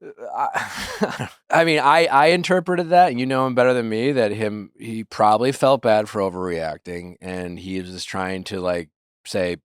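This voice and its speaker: A man hosting a podcast, chatting casually and giving advice to a caller, with lots of fillers and quiet trailing asides. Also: mid-range voice, animated, normal speed, clear, resonant tone, no room sound, clean studio sound. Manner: conversational, hedging with fillers, trails off quietly when quoting.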